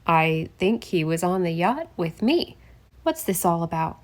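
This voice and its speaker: Woman voicing a smooth-talking male congressman. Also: on the low side, sing-song, unhurried, voice pushed down. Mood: guarded. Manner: charming, then defensive. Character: middle-aged male congressman, smooth but quick-tempered. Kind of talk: audiobook character voice.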